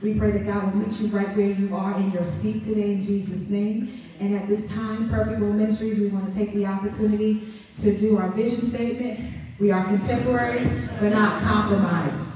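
A woman's voice: mid-range voice, level tone, moderate pace, warm tone. A woman leading a church service, upbeat and exclamatory, welcoming visitors and calling for amens from the congregation. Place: church sanctuary. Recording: echoey church hall, distant mic, congregation audible. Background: congregation responding.

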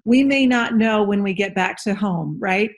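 A woman joins a webinar over a video call as a consultant. She speaks in a thoughtful, measured way at a mid pitch, pausing with soft fillers as she builds her point. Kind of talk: webinar discussion.

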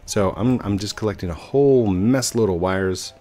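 A man's voice: on the low side, normal speed, warm tone. A man giving casual gameplay commentary, rambling with many fillers and restarts. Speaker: gaming video host.

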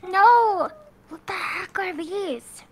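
A woman's voice: very high voice, extremely slow. A young woman bantering playfully and giggling a lot while playing a co-op horror game at her computer. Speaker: co-op horror gaming streamer. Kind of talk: casual gaming banter.

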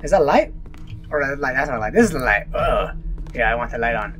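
Over soft background music, a man hosts a horror let's play in a medium-pitched, fairly bright voice that swings widely in pitch at a quick pace. Jumpy, he jokes and exclaims at the screen as he reacts to the game.

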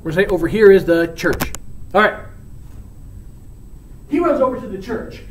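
A woman's voice: medium pitch, lively intonation, moderate pace, a little hiss or hum. A woman teacher casually retelling a play in a chatty, explaining way. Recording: roomy, from far off.

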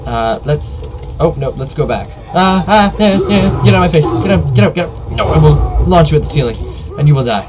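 A man giving joking live commentary while playing a game, yelping and shouting during fights. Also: a little high, animated, brisk. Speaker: let's play gamer.

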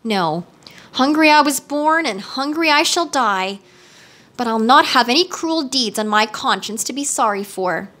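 A woman voicing a huge, gentle male tiger who is always hungry, speaking slowly in a storybook reading. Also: sits high, expressive, heavily acted. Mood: mournful. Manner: slow and drawn out.

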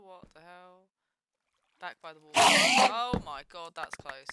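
A woman's voice: fairly low pitch, animated, normal speed. A young woman giving nervous, jumpy commentary while playing a video game at home, talking to herself and swearing. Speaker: gaming streamer. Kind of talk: casual gameplay commentary. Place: home room at a computer. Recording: loud background noise.

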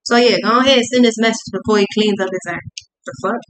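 A young woman doing a casual tarot reading, profane and full of slang, acting out both sides in quick asides. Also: fairly high pitch, fairly even intonation, rough recording. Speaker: tarot reader.

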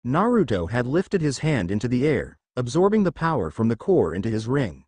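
A man narrating a fan fiction story in a steady, expressive reading voice. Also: medium pitch, measured pace, husky, no echo.

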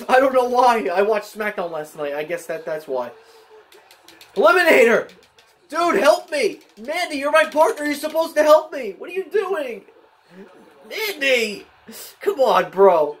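A young man giving excitable, frustrated live commentary while playing a wrestling video game at home, often yelling at the screen. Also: extremely high pitch, unhurried. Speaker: gaming channel host. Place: home, at a desk in a spinning chair.

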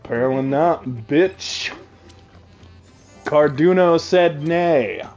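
A man's voice: on the high side, slow pace, a little mellow, faint music behind. A man streaming a card game, joking with friends in casual chat. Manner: playful, jokey, bursts into sung theme lines.

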